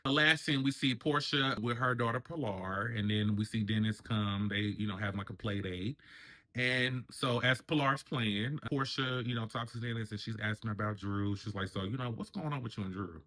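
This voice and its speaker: A man's voice: fairly low pitch, moderate pace, pushed and bright. A man hosting a casual reality TV review, chatting and acting out the cast members' lines in raised voices. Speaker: reality TV commentary host.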